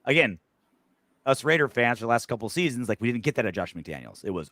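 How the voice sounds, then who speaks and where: A man hosting a casual fan sports podcast over a video call, animated, jumping between loud bursts and low mumbles. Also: fast talker, dry recording. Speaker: podcast host.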